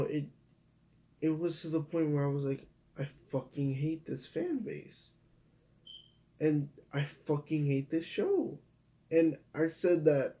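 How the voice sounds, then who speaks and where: Rambling, profane young man on a dull, lo-fi recording. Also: a little high. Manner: rambling, profane, frequent restarts. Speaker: video creator. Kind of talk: casual vlog monologue.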